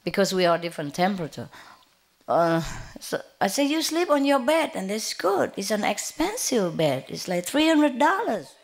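A woman's voice: mid-range voice, sing-song, normal speed. A woman spiritual teacher giving an informal talk, chatty and rambling, telling personal stories and laughing often. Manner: rambling with frequent fillers and restarts. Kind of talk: informal lecture with personal anecdotes.

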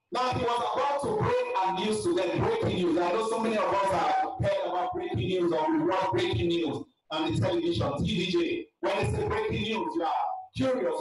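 A man from Africa preaching a funeral sermon in a church. He talks emphatically, often shouts, and calls out to the congregation. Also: high voice. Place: large church hall. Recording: very echoey church from far off, with music.

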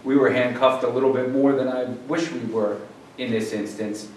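A man on a zoning board speaking at a public hearing, measured and halting, with frequent restarts. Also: medium pitch, steady tone, darkish tone. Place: town meeting room. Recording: echoey room from far off, faint hiss.

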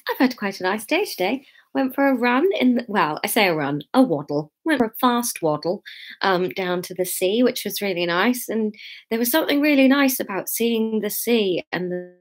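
Chatty woman on a livestream. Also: fairly high pitch. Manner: chatty, self-mocking, greets viewers by name. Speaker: comedian reading her own book on a livestream. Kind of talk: casual livestream chat. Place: bedroom at home.

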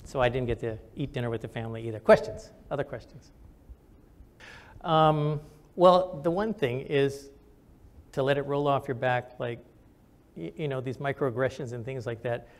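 A man's voice: mid-range voice, moderate pace, pauses often. An older man, a retired general and physician, answering audience questions with candid stories and frequent fillers.

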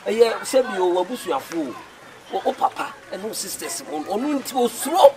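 An actor plays a high, lively young Ghanaian man coaxing his sweetheart in a film drama. He talks quickly, and a loud crowd can be heard behind him. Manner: coaxing, reassuring.

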